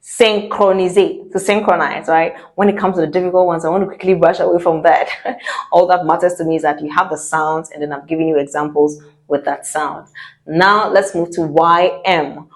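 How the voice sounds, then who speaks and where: A woman teaching French pronunciation at a relaxed, unhurried pace. She drills each word slowly and repeats it several times. A light laugh sometimes slips into her explanations. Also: low voice. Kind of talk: pronunciation lesson.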